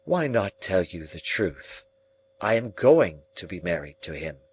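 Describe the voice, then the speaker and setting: A man's voice: sits low, big pitch swings, a little slow, slightly rough, exaggerated voice, poor audio. A man reading the part of a cold, proud young woman who speaks with cool contempt, in a storybook reading.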